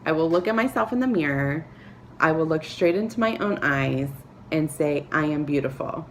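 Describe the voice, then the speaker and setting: A woman talking to camera, giving earnest, encouraging advice with soft laughs and filler words. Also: sits low, expressive, normal speed, slight background noise. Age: adult, a parent. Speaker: vlogger. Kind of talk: motivational talk to camera.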